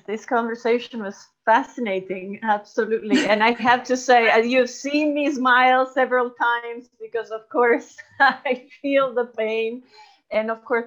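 A woman's voice: on the high side, dull audio. A woman hosting a webinar, thanking her guests with amusement. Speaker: host.

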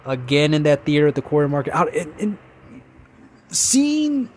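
A young man talks in a casual, rambling way as a host. He is an excited fan who fills his talk with many fillers and restarts. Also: fairly high pitch, fast, a little hiss or hum. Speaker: podcast host.

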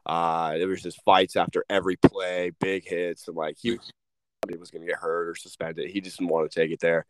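Low-voiced young man telling stories. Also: little pitch movement, fairly quick, no room sound. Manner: rambling, restarts, lots of "like" and swearing. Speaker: podcast guest, former hockey player. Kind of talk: casual storytelling.

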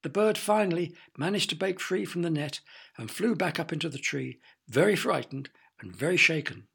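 A man narrating a children's storybook with expressive, playful sound effects. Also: a little high, normal speed, vocal fry, slightly rough.

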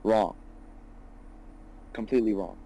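A young man in his twenties chatting on a podcast about his own venture. His voice is mellow and a little husky, and he talks earnestly, circling back on himself and tagging his points with "you know" and "right". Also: fairly low pitch, steady tone, slow pace, low-quality recording. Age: 20s. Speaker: business founder guest. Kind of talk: casual podcast conversation.

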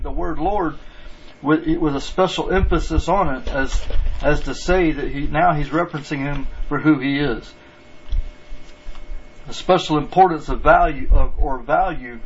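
Husky earnest man preaching. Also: on the high side, highs cut off. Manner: earnest, repetitive, restarts phrases for emphasis. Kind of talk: sermon.

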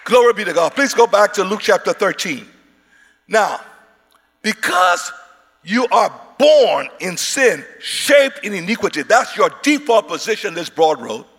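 A preacher delivering an emphatic sermon, repeating words and rising into shouts. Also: male voice, sits high, animated, a little slow, husky, a faint crowd. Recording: hall reverb.

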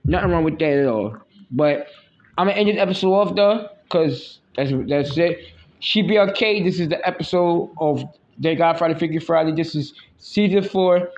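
A man's voice: on the high side, normal speed, darkish tone. A man hosting a solo podcast, talking bluntly and crudely with many restarts and repeats. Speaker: podcast host. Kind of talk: casual solo podcast monologue. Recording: dull lo-fi with faint hiss.

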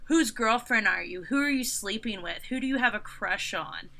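A woman in her thirties, a concert photographer, telling stories in a casual interview with animated sarcasm and mocking quoted voices. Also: a little high, moderate pace. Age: 30s.

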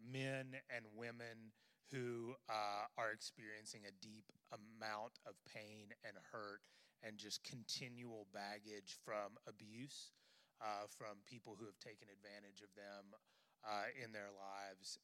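A man, a pastor, leading an earnest congregational prayer in a church sanctuary, halting at times with fillers. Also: on the low side, sharp tone, clean tone. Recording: long reverb of a large hall.

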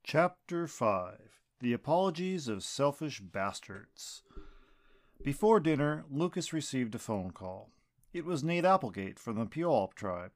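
A man's voice: medium pitch, sing-song, measured pace. A man reading aloud from his own novel as audiobook narration, expressively. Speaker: podcast host reading his book.

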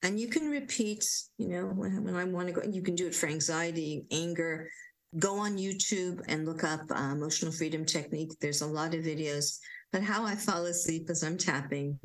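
A woman leading a guided relaxation talk at home, giving slow, soothing instructions with gentle repetition. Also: on the low side, low-quality recording. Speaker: parenting coach leading calming exercises.

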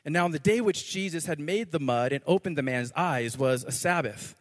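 Recorded with long hall reverb in a church, a pastor delivers his sermon in a fairly high voice, a little fast with lively intonation. He jokes playfully in asides before turning to earnest prayer.

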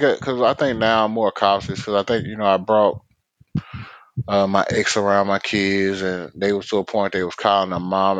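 Man co-host, deep voice, dry close sound, halting and candid. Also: a bit bright, dry recording, poor audio. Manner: candid, halting, with many fillers. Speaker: podcast co-host. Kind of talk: casual podcast conversation.

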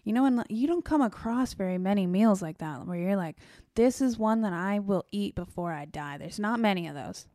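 A woman's voice: mid-range voice, expressive, normal speed, few pauses, dark tone, no room sound, clean studio sound. A young woman co-hosting a podcast, telling loose, profane stories in casual chat. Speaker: podcast co-host.

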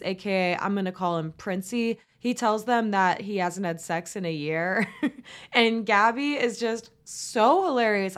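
A young woman from Florida chatting through a solo recap podcast. She talks in a casual, sarcastic way, full of "like" and "oh my God," at a middling pitch. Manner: chatty, sarcastic, valley-girl fillers. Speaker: podcast host.

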